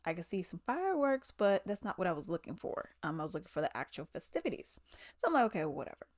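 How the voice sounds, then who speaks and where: A woman's voice: fairly low pitch, big pitch swings, fast talker, no room sound, studio quality. A woman in a casual, chatty commentary vlog, talking in slangy asides. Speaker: commentary vlogger. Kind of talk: casual chat.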